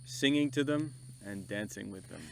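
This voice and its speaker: A man's voice: on the low side, moderate pace, gravelly, slight background noise. A man co-hosting a travel vlog, joking and teasing his co-host in casual banter. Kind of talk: casual chat.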